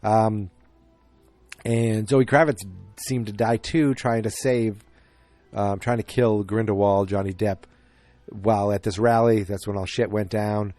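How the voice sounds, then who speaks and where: A man's voice: fairly low pitch, steady tone, unhurried, mellow, no room sound, faint music behind. A man hosting a podcast, casually recapping a film in a rambling way with lots of fillers and restarts. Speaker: podcast host.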